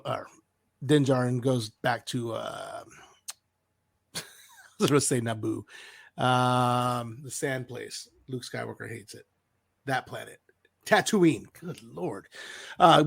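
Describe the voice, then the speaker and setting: Man, gravelly voice, dry close sound, rambling animated recap, podcast co-host. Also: medium pitch, no room sound. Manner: rambling, animated retelling with playful asides. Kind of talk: casual chat.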